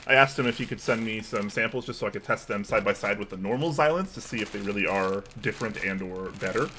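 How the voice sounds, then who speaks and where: A man co-hosting a casual livestream chat, relaxed and quick to laugh. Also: lowish voice, slight background noise. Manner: relaxed, chatty, laughs easily. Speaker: co-host.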